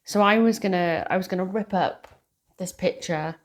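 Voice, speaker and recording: A woman's voice: lowish voice, moderate pace. A middle-aged woman with a British accent, a tarot reader sharing a heartfelt message with her viewers, talking earnestly and hesitantly with many fillers. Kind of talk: casual spiritual message to viewers.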